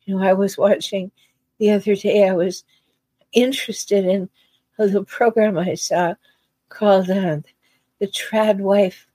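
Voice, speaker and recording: A woman's voice: medium pitch, steady tone, warm tone, husky, no echo, rough recording. A woman giving earnest relationship advice, talking unhurriedly and repeating key phrases for emphasis. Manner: unhurried with deliberate pauses. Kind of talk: solo advice talk.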